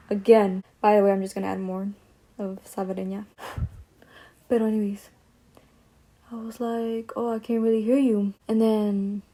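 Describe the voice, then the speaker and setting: A young woman talks through a story while she does her makeup. She is chatty and slangy, with asides and tangents. Her voice is mellow and soft rather than bright, at a middling pitch. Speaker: beauty vlogger. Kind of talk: casual story time while doing makeup.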